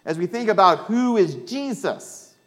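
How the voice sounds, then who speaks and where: Animated male pastor telling a story. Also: fairly high pitch, a little slow. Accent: Midwestern American. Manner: animated storytelling, acts out voices in quotes. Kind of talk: sermon with personal story.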